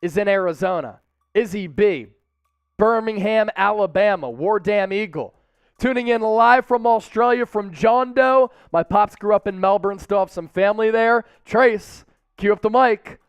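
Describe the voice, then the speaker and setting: High, clear-voiced hype sports host man. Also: normal speed, dry recording, soft background music. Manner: energetic, hype shout-outs to viewers. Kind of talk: live stream watch party talk. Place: studio.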